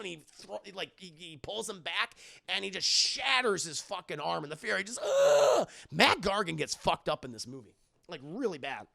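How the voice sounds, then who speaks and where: A man excitedly recapping a film scene by scene on a live stream, swearing freely. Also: high voice, gravelly.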